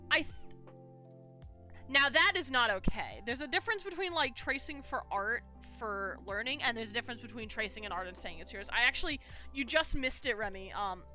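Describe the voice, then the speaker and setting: A woman's voice: high-pitched, bright, forceful tone. A young woman streaming while she draws, chatting casually and rambling with many fillers and restarts. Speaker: streamer and artist. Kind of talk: casual live-stream chat while drawing.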